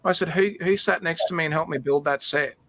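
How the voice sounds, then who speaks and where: During casual chat on his livestream, a man emotionally recounts a personal memory, often repeating words. He speaks fast in a fairly high, fairly bright voice, with no room sound.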